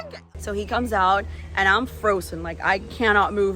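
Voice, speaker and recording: A woman's voice: mid-range voice, normal speed, sharp tone, raised voice, slight background noise, poor audio. A young woman vlogger telling a personal story with lots of "like", gasping and squealing when she acts out her past self. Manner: peppers speech with "like".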